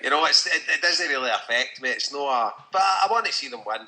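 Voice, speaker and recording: A man's voice: on the high side, animated, fast talker, bright, forceful tone, rough recording. A Scottish man on a podcast, talking bluntly and with strong opinions in casual chat. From Scotland. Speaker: podcast host. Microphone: podcast mic.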